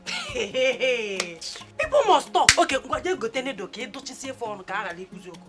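Woman doing a coaxing Nigerian sister, lively pitch, film music behind. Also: fairly quick. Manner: coaxing and teasing. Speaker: comforting sister. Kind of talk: Nollywood film acting. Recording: music playing under the dialogue.

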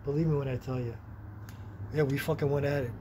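A middle-aged man, telling a rambling, profane workplace story in a blunt, gruff manner. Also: medium pitch, steady tone, quick pace. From Long Island, New York. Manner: blunt, heavy swearing, gruff. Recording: noisy background with vehicle sounds.

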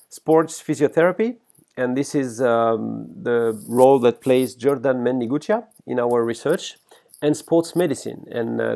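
A middle-aged French man with a French accent, giving a recorded workshop lecture as a professor, halting with many fillers and restarts. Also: mid-range voice, creaky, a little mellow. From France.

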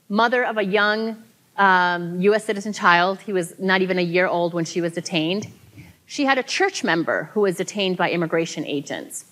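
A woman's voice: medium pitch, fairly bright tone. Earnest woman giving a keynote. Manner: earnest, emphatic, with laughing asides. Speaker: keynote speaker. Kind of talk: conference keynote speech. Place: conference hall.

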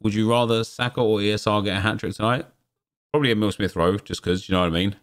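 Male gaming host, lowish voice, chatty pack-opening commentary with sudden excited yelps. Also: fast talker. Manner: chatty, jumps into excited exclamations at pulls. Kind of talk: casual gameplay commentary.

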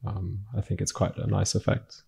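A man teaching a painting lesson, narrating his work in a relaxed way, thinking aloud with frequent fillers and restarts. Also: low-pitched, normal speed, creaky, breathy edge. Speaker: painting instructor. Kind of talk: narrated screen-recorded art lesson.

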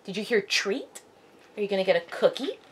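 A woman vlogging a casual unboxing at home, chatty and excitable, cooing at her dogs. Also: mid-range voice, brisk, slight background noise.

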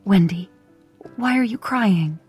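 A woman reading the lines of a stern wealthy man who turns tender with a child, calm and soothing. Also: mid-range voice, takes it slowly, breathy edge, soft background music, heavily acted.

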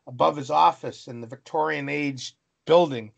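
Gravelly man telling a story. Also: fairly high pitch, normal speed. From British Columbia, Canada. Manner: animated, dramatic storyteller acting out voices. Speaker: interview guest. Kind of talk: storytelling in conversation.

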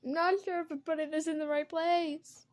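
A woman's voice: very high voice, little pitch movement, fairly quick. A young woman chatting casually as she does her makeup at home, rambling from one topic to the next. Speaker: vlogger. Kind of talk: casual get-ready-with-me chat.

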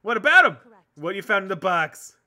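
High, bright, lively young man streaming a game. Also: brisk. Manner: reads game dialogue aloud, swears, laughs often. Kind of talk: let's play commentary.

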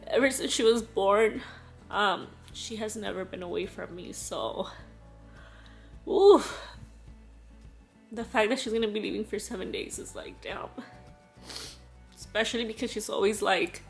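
A young mother talks straight to her vlog viewers in a casual, gushing way, her voice sitting at an ordinary middle pitch. She gets emotional and circles back to the same happy words again and again. Faint music plays quietly behind her. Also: normal speed, creaky. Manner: emotional, gushing, repeats herself. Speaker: family vlogger, mother.

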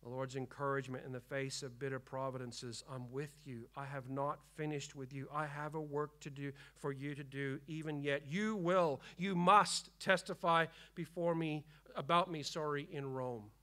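A man preaching a sermon as pastor, emphatic and repetitive, dropping to hushed tones and rising again. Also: fairly high pitch, fairly even intonation, normal speed, few pauses. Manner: emphatic preaching, swinging between hushed and loud; repeats key phrases for emphasis. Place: church.

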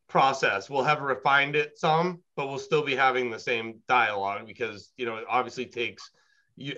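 A consultant talking through projects with a client board in a meeting, hedging often and filling pauses with "um" and "you know". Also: male voice, medium pitch, bright, forceful tone, highs cut off. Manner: thoughtful, hedging, many fillers. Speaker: engineering consultant. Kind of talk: business meeting talk.

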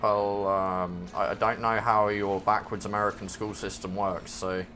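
A man's voice: lowish voice, flat delivery, moderate pace, noisy background. A man playing a game with a friend, teasing him dryly and mock-arguing in casual chat. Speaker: co-op game player. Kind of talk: casual gaming banter.

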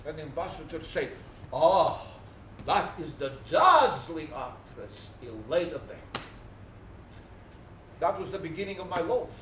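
Flirty, grandiose Russian prince, high and animated, broken English, heard from far back in a roomy theater. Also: male voice, a little slow, long pauses, slight background noise. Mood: teasing. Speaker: stage actor. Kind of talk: live stage play acting. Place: theater stage. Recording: roomy stage sound from a distant mic.

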